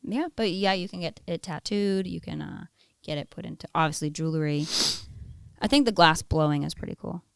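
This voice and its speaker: A woman's voice: on the low side, a little fast, creaky, clean tone, no echo. A young woman co-hosting a podcast in a studio, chatting casually and rambling with lots of "like" fillers. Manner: rambling, filler-heavy talk with many "like"s. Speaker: podcast co-host. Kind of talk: casual chat.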